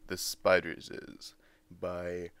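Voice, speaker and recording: A man's voice: low voice, completely flat delivery, drawn-out words, fairly bright tone, clear, resonant tone, dry recording. A man hosting a comic reading of a fan story aloud, adding dry, exasperated asides.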